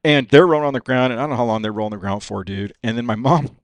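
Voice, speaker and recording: Rapid-fire, gravelly-voiced man in his fifties, from California, swearing and dude-ing through his stories, dry close sound. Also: medium pitch, no echo. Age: 50s. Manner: profane and animated, says "dude" constantly. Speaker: podcast guest, racer. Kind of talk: casual storytelling.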